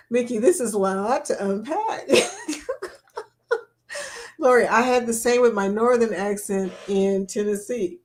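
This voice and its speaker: A woman's voice: fairly high pitch, animated, slow, pauses often. A woman hosting a casual live chat, reading viewer comments aloud and laughing often. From England. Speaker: livestream host.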